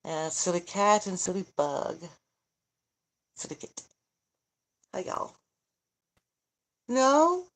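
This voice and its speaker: A woman's voice: medium pitch, big pitch swings, slow, pauses often. A middle-aged woman chatting casually on a livestream, joking, rambling and answering viewer comments as she goes. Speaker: vlogger, grandmother. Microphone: phone.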